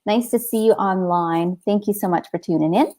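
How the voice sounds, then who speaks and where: Middle-aged woman, live-stream life coach. Chatty and conversational, mid-pitched, peppers her talk with "like" and "right?". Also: moderate pace, warm tone. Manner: chatty, storytelling, frequent "like" and "right?". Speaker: coach hosting a live show.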